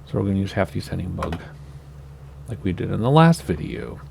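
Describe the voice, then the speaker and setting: Male let's-play host, low and gravelly, easygoing running commentary. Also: a little fast, slight background noise. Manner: relaxed, chatty, thinking aloud with small laughs. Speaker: gaming channel host. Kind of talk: casual flight sim let's-play commentary.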